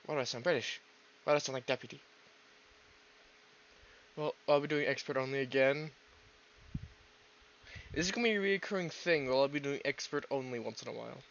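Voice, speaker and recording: Set over a faint hiss on a dull, lo-fi mic, a man rambles through casual gameplay commentary with a gravelly, fry-laced voice. He swears freely and laughs at himself as he talks. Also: mid-range voice, fairly quick, long pauses, a bit bright. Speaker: gaming video host.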